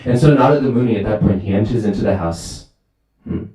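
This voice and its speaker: A man giving a sermon at a temple, telling a story lively and often asking "right?", heard from far off in a very echoey hall. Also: fairly low pitch, fast. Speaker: temple speaker.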